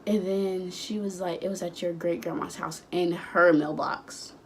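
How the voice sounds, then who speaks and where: A young woman in her late teens chatting casually, rambling through a storytime and acting out the dialogue with sudden high outbursts. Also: steady tone, measured pace, slight background noise. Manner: acts out quoted dialogue. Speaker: vlogger.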